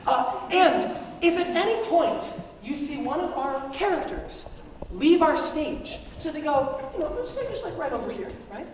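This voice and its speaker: A young woman hosting a live improv comedy show on a large stage, bubbly and laughing as she calls out cues, filmed from far off in an echoey hall with a loud crowd. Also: high-pitched, big pitch swings, moderate pace. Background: audience crowd and noise.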